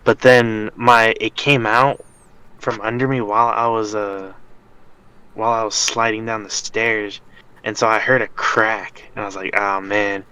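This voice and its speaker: A man's voice: lowish voice, little pitch movement, a little slow, bright, forceful tone, clean tone, no echo, poor audio. Rambling young man telling a story. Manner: rambling storyteller, lots of fillers and restarts. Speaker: podcast co-host. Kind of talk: casual chat.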